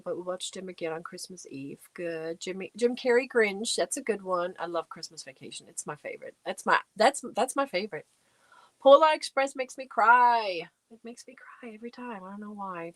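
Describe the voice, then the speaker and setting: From a crafting corner at home, a middle-aged woman runs a relaxed livestream, talking freely and responding to comments from viewers as she reads them aloud. Her voice is lowish and the audio has no room sound.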